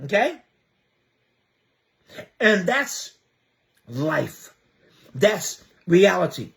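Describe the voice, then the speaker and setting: A high-pitched man from New Jersey speaks straight to his viewers in an impassioned livestream monologue. He hammers his points home by repeating rhetorical questions again and again, with a community advocate's urgency. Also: big pitch swings, very slow, gravelly, fairly bright tone. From Trenton area, New Jersey.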